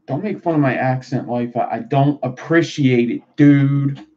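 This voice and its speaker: This livestreamer, medium in pitch with a darkish tone and a slightly slow delivery, builds vape coils while shooting the breeze with viewers in loose, profane chat. His stream sounds dull and lo-fi, with a bit of noise.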